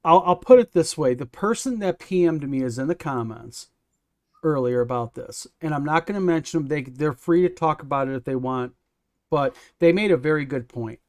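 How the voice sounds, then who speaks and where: A man's voice: on the high side, normal speed, a little mellow. Blunt, emphatic male host. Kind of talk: casual livestream discussion.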